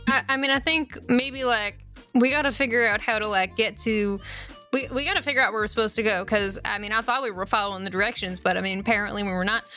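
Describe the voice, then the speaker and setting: A woman's voice: mid-range voice, quick pace, sharp tone, faint music behind, close to an everyday voice. A woman voicing an eager young adventurer who rambles and restarts her sentences, in a tabletop game. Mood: earnest.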